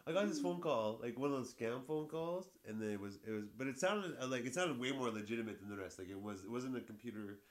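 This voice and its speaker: A man's voice: mid-range voice, fast, hardly any pauses. A man in a casual chat, telling a story, swearing freely and acting out what people said. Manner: swears freely, acts out quotes.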